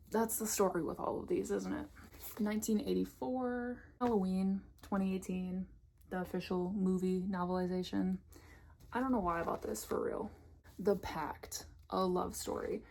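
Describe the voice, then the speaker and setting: A woman's voice: mid-range voice, darkish tone, slight background noise. A young woman giving a casual, candid tour of her bookshelves, swearing freely as she talks. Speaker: book vlogger. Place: home room by her bookshelves. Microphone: camera on tripod.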